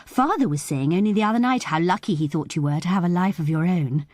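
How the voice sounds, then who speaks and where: A woman voicing a shy young woman who laughs easily, speaking in a soft, breathy, airy whisper. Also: on the low side, fast, dry recording, clean studio sound, lightly acted. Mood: gentle. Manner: gentle, airy, light.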